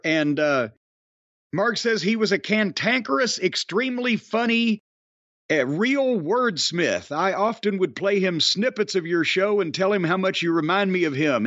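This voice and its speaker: A man's voice: high-pitched, a bit bright, dry recording. A man hosting a podcast, rambling and wisecracking with plenty of swearing. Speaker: podcast host. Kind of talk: casual podcast talk. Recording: dry, dull lo-fi sound.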